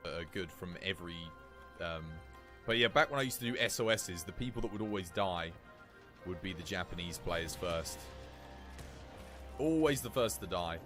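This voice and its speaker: A man's voice: sits low, moderate pace, long pauses, soft background music. A man chatting casually with viewers while commentating his own gameplay on a live stream. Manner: chatty, animated, slangy.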